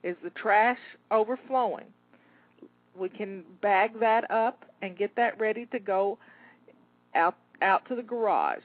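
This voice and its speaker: This is a live cleaning pep talk from a home organizing coach, who sounds slightly breathless as she encourages listeners through a timed kitchen cleanup. Her medium-pitched voice is unhurried, with no echo, though the sound is tinny and phone-like.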